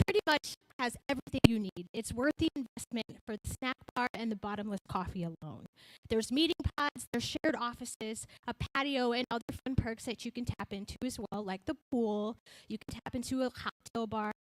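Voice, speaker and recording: A woman's voice: on the high side, normal speed, no echo, low-quality recording. A woman with a Chicago accent hosting a live talk show, chatty and upbeat as she addresses a crowd in a hotel lounge.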